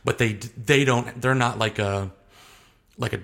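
A man's voice: medium pitch, fairly even intonation, measured pace, creaky, fairly bright tone. A young adult man talking casually as an interview guest, rambling and hesitant, often restarting his sentences.

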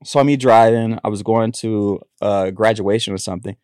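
A man's voice: fairly low pitch, steady tone, normal speed, a little mellow, dry recording, studio quality. A man telling personal stories as a guest in a casual interview, rambling with frequent restarts. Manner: rambling storytelling with many restarts. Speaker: author and actor, guest.

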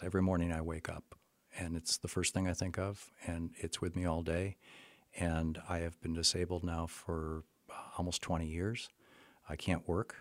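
Low-voiced older man recounting a story. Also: dry recording. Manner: halting, with frequent restarts and fillers. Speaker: therapist. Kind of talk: conversational storytelling.

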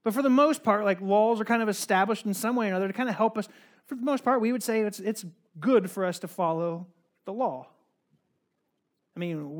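A male pastor giving a casual, conversational sermon, full of asides and fillers, swinging between loud emphasis and quiet remarks. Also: a little high.

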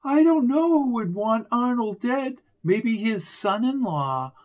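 A man's voice: very high-pitched, expressive, darkish tone, pitched above the performer's own voice, exaggerated voice. Man voicing a shaky, grieving society woman. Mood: anxious. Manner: shaky, halting delivery. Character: grieving older society woman, fretful and teary. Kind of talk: audiobook character voice.

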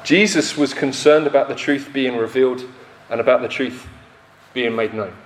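A young man giving a sermon, telling a story at his own expense with halting restarts before turning to the point. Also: mid-range voice, slight background noise. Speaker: preacher. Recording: echoey hall with long reverb.

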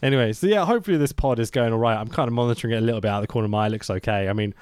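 A man's voice: mid-range voice, rapid-fire, darkish tone, clean tone, no room sound, clean studio sound. A young man hosting a casual podcast chat, talking animatedly, swearing and laughing often. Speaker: podcast host.

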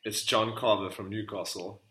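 A man's voice: on the low side, steady tone, moderate pace, pushed and bright. A man co-hosting a casual football podcast, joking and laughing often as he guesses at quotes. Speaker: podcast co-host. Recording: roomy echo.

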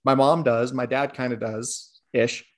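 A man's voice: mid-range voice, steady tone, a little slow. A man co-hosting a casual sports podcast, telling long, digressive stories in an easy, chatty way. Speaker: podcast co-host.

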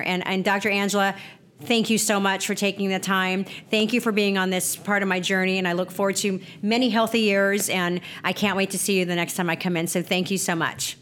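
A woman's voice: medium pitch, fairly bright tone. Middle-aged lady podcast host, chatty and gushing, lots of restarts. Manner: effusive, chatty, grateful. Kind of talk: casual interview chat.

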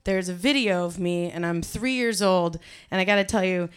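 A woman's voice: on the low side, moderate pace, clear, resonant tone. A woman from Ohio with a Cleveland accent giving a profane, comic storytelling speech on stage, acting out voices from her past. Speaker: speaker on stage.

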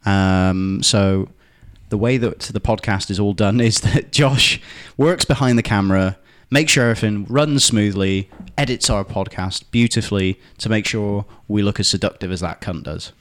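A man's voice: fairly low pitch, normal speed, hardly any pauses. A man with an English accent, a podcast co-host, bantering and laughing easily. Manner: joking, laughs often, stumbles and restarts. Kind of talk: casual banter.

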